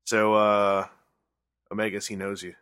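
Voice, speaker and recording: A man chats on a podcast, eager and rambling, stringing thoughts together with fillers. His voice is bright and forward, and the recording is dry and close. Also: lowish voice, level tone, a little slow, clean tone, no echo. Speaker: podcast co-host. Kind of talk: casual podcast chat.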